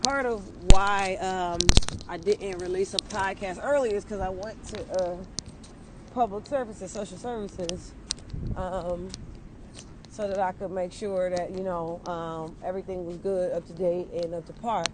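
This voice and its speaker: A woman's voice: on the low side, steady tone, a little slow, background noise. A young woman venting casually and angrily on a phone livestream outdoors, swearing often and rambling with many fillers.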